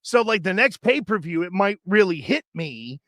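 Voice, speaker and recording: A man's voice: high voice, sing-song, normal speed, a bit bright, no room sound, clean studio sound. A middle-aged man hosting a sports podcast, rambling and chatty with many fillers and restarts. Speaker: sports radio host. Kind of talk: casual podcast chat.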